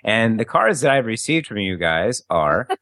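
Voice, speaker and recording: A man's voice: on the low side, sing-song, moderate pace, fairly bright tone, no room sound, studio quality. A man co-hosting a podcast who chats about a party game with wry, jokey remarks. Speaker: podcast co-host. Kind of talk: casual game chat.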